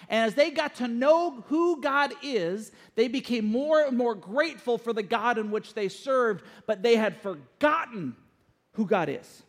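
A man preaching a sermon as pastor, joking and storytelling with lively energy. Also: extremely high pitch. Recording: long church hall reverb.

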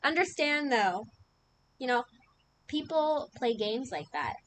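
A young woman co-hosting a casual chat, telling stories in an animated way, swearing freely and laughing often. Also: sits high, slow pace, slight background noise, rough recording. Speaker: podcast co-host.

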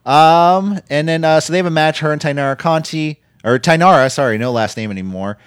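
A man's voice: fairly high pitch, fairly quick, clear, resonant tone, no room sound, clean studio sound. A man co-hosting a casual podcast, rambling with lots of fillers as he recaps matches. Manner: rambling, filler-heavy, reads out match results. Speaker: podcast co-host recapping wrestling. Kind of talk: casual chat.

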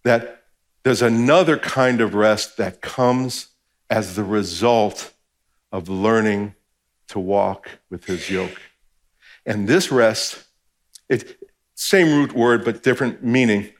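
Taking his time and pausing at length, a male pastor preaches in a conversational manner. He dramatizes quoted speech, shifting from soft, subdued moments to raised, emphatic declarations.

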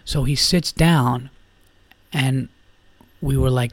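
A man's voice: medium pitch, steady tone, measured pace, no room sound. A man hosting a podcast and telling a bar story in a casual, rambling way, swearing often. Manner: profane, rambling, lots of fillers and restarts. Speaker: podcast host.

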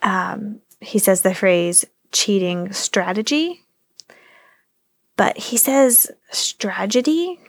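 A woman's voice: medium pitch, slow, no room sound. A woman co-hosting a podcast in casual chat, blunt and teasing with strong opinions. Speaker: podcast co-host.

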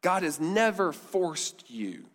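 A male pastor preaching a sermon in a conversational style, dropping softly on key words. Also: on the high side, very animated, takes it slowly. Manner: conversational preaching, with quiet emphatic endings. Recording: long hall reverb.

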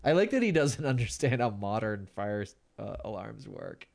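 A man's voice: lowish voice, sing-song, normal speed, creaky. Laid-back man chuckling through chat. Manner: laughs mid-sentence, trails off quietly. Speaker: podcast host. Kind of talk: casual comedic chat.

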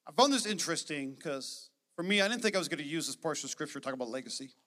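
Bright-voiced energetic preacher in a reverberant hall. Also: male voice, on the high side, rapid-fire. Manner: energetic, emphatic preaching with joking asides. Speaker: pastor. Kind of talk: sermon. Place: church sanctuary.

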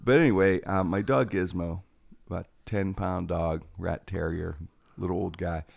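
A man's voice: deep voice, normal speed, creaky, no echo. A man, a radio personality telling stories on a casual podcast, acting out quoted lines with animation. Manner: animated, acts out quotes in a raised voice.

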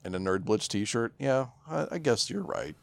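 A man's voice: medium pitch, expressive, normal speed, vocal fry, no echo. A man co-hosting a podcast, chatting casually with laid-back, dry replies. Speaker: podcast co-host. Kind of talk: casual chat.

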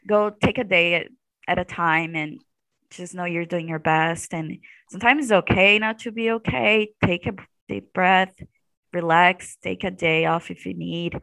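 Chatty young woman with a creaky voice. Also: lowish voice, unhurried, sharp tone, no room sound, poor audio. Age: 20s. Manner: chatty, laughs often, fillers like "like". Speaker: graduate student guest. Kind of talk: casual interview chat.

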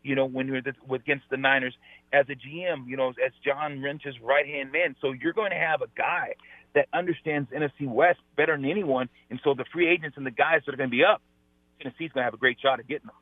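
A former pro football player, calling in as a guest on sports radio, hammers his points home and keeps saying "I tell you." His mid-range voice holds a steady tone at a quick pace, and the dry recording has a tinny phone quality.

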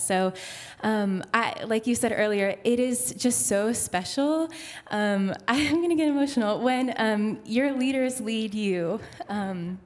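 A woman worship leader speaking in a heartfelt way during a sermon, pausing often with ums. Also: medium pitch, a little mellow. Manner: heartfelt, with frequent ums and pauses. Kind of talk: casual talk during a sermon.

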